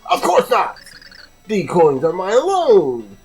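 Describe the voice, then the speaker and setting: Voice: mid-range voice, wildly swooping pitch, slow pace, a little mellow, breathy edge, faint music behind, pitched above the performer's own voice, full character voice, poor audio. A gamer voicing a miserly coin-hoarding fighter with a dramatic, possessive manner. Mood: haughty.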